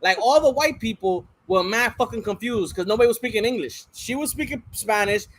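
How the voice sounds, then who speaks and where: A man's voice: sits high, lively intonation, fairly quick, a bit bright. A man co-hosting a casual podcast, telling stories in profane street slang. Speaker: podcast co-host. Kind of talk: casual chat.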